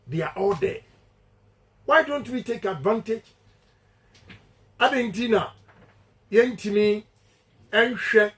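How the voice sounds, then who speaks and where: A man with a Ghanaian accent addresses supporters in an emphatic, repetitive, declamatory campaign speech, switching between English and Twi as he repeats his key points. His voice sits high, and the recording quality is low.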